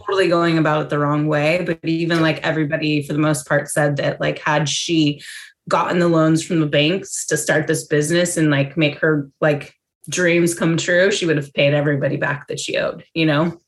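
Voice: medium pitch, little pitch movement, moderate pace. A podcast co-host chatting casually and agreeably, with a heavy use of "like.". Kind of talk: casual chat.

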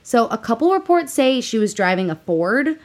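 A woman's voice: a little high, very animated, moderate pace. A woman in her thirties hosting a podcast, telling a true-crime story in a chatty, playful way. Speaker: podcast host.

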